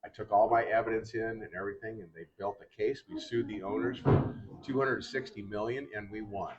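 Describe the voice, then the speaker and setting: An older man, a retired baseball pitcher, telling his career stories in casual chat and acting out the lines of the people in them. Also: fairly quick, very noisy. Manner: animated, acts out other people's lines in quotes. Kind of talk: casual storytelling. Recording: dull lo-fi sound.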